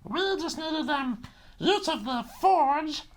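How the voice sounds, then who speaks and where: A woman voicing a tiny, snooty talking cat in a put-on posh accent, halting and full of fillers. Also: sits high, expressive. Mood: flustered.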